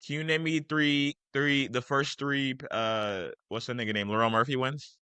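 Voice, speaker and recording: A man's voice: mid-range voice, measured pace, sharp tone, clean tone, no echo. An American man co-hosting a podcast, teasing the others in casual chat. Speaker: podcast co-host.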